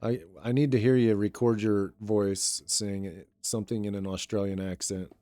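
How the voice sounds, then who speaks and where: A young man streaming and chatting casually with viewers in a relaxed, rambling way, his voice a little raw today. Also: on the low side, normal speed, dry recording, clean studio sound. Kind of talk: casual live-stream chat.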